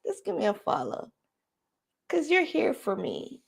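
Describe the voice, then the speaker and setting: A woman's voice: high-pitched, huge pitch swings, measured pace, creaky. A Jamaican woman in her forties hosting a casual livestream chat, slipping into patois and laughing often. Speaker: livestream host.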